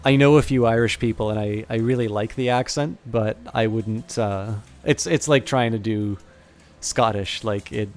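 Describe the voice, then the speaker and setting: A man narrating as game master for a tabletop game livestream, talking in a halting, self-correcting way. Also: on the low side, darkish tone.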